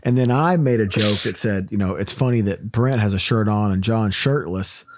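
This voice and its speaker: A man's voice: on the low side, normal speed, no echo. A man hosting a casual podcast, telling rambling stories and laughing through his own jokes. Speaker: podcast host.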